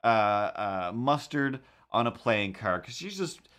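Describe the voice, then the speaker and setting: A man hosting a livestream, chatting casually while he draws and telling rambling, animated stories with quick put-on voices. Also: fairly low pitch, clear, resonant tone. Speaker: livestream host. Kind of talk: casual chat while drawing.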